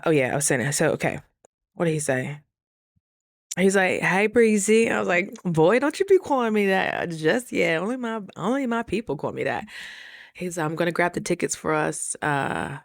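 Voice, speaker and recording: A young woman vlogs in a casual, chatty way, acting out what others said with lively asides to her viewers. Her voice sits a bit low for a woman, and the sound is close and dry with no room around it. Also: no room sound. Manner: chatty, animated, acts out quoted dialogue; frequent rhetorical asides to viewers. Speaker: vlogger. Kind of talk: casual storytelling vlog.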